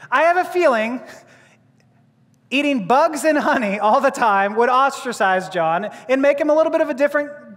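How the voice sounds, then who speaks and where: A man's voice: extremely high pitch, a bit bright. A male preacher giving a sermon, joking and laughing as he talks, often restarting his words. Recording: long reverb of a large hall.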